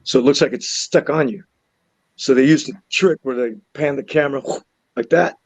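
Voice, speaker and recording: A man telling a story from a film set in casual chat, animated and laughing, restarting and repeating words as he goes. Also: mid-range voice, moderate pace, no room sound, rough recording. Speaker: actor and podcast guest.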